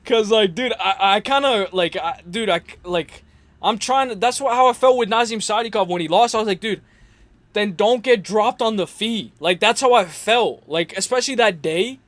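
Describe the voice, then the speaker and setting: A man's voice: high-pitched, moderate pace, fairly bright tone, no room sound. A young man hosting a casual livestream, rambling in slangy talk full of fillers and restarts. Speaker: host.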